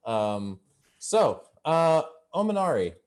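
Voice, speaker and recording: A man's voice: a little high, sing-song, slow, a little mellow. A man narrating as game master in a loose, rambling way with lots of fillers.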